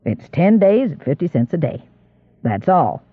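A man voicing a gruff country squire. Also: fairly high pitch, sing-song, measured pace, no echo, phone-quality sound, exaggerated voice. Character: older rural male squire, gruff and dry.

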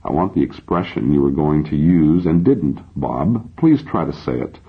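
A man voicing a calm male computer psychotherapist who keeps asking patient, insistent questions, in a dull lo-fi recording. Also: extremely low pitch, normal speed, creaky, husky, exaggerated voice.

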